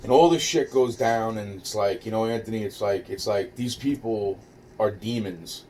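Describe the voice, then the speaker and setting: A man's voice: fairly low pitch, normal speed, a little mellow. A man casually telling a personal story, rambling and profane, with many restarts and fillers. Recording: distant mic with faint noise.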